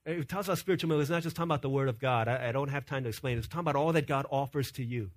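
A young man preaching a sermon, telling stories in an animated way and often repeating words as he starts a sentence. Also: mid-range voice, very fast.

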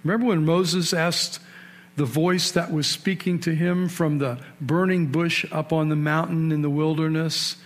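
Higher-voiced male pastor preaching. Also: fairly even intonation, measured pace. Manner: storytelling, with sudden rises in pitch and loudness for emphasis; conversational, with asides and direct questions to the listeners. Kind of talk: sermon.

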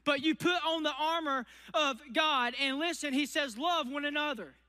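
A man's voice: very high-pitched, normal speed, pushed and bright, long reverb tail. A man preaching a sermon, folksy and emphatic, stretching key words for effect. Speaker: pastor.

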